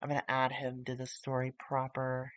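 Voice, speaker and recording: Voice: mid-range voice, monotone, normal speed, a bit bright, no echo. A streamer giving casual, rambling commentary with self-corrections while playing a wrestling management game on a close mic.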